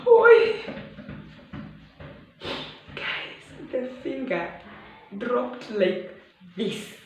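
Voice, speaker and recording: Kenyan woman telling a story in an echoey room. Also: medium pitch. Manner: animated retelling, acting out shouts and dropping to hushed asides, mixing in Swahili. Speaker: vlogger. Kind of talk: storytelling vlog. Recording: very echoey room, faint background noise.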